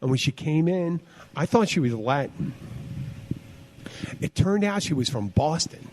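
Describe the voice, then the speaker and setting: A man's voice: fairly high pitch, expressive, measured pace, a little mellow, a little hiss or hum. A middle-aged man, a bartender hosting a podcast, chatting casually and telling rambling stories with many restarts. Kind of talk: casual chat.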